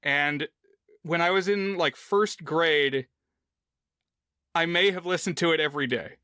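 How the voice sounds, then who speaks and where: A man co-hosting a film podcast, asking discussion questions and reflecting on memories in casual, measured chat. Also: on the high side, sharp tone, clear, resonant tone, no room sound, clean studio sound. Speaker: podcast co-host.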